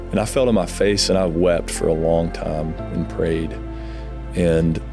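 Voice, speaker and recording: A man with a very deep, gravelly voice recounts his personal testimony. He speaks earnestly and emotionally, halting often, with soft music under him. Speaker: guest sharing his testimony.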